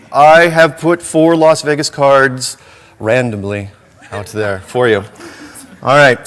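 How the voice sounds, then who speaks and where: A man's voice: fairly high pitch, a bit bright. A man speaking to a large live audience at a conference, emotional and grateful, laughing and restarting his sentences. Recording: conference hall reverb.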